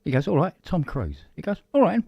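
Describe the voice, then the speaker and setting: A man telling a long joke in casual chat, animated and jumping into high voices for the people in it. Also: brisk, gravelly, husky, dry recording, lo-fi sound. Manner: animated storyteller, swings into high voices for characters. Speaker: co-host.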